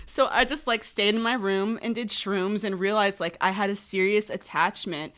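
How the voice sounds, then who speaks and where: A woman's voice: medium pitch, steady tone, normal speed, fairly bright tone. A woman guest on a podcast, chatting casually and candidly, swearing freely and acting out quoted voices.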